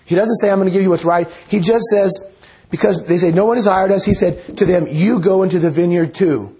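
A man preaching a sermon, reading scripture aloud and explaining it in an earnest, measured teaching manner. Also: sits high, warm tone, husky.

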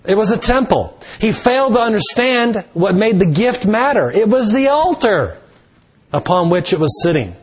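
A man preaching a sermon in a slow, deliberate way, stressing key words with rising emphasis. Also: high-pitched, sing-song, breathy edge.

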